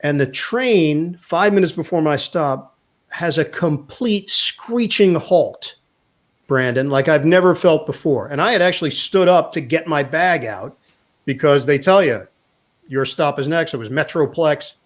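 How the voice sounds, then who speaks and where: Male sports broadcaster guest, brisk anecdotal delivery, pitch sits a touch high. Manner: animated anecdote teller, quotes others in voices. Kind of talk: casual storytelling interview.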